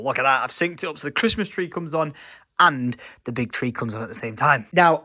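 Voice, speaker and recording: A man's voice: on the high side, a bit bright. A young man with a Northern English accent chatting playfully in a vlog, laughing often. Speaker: vlogger. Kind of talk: casual vlog chat.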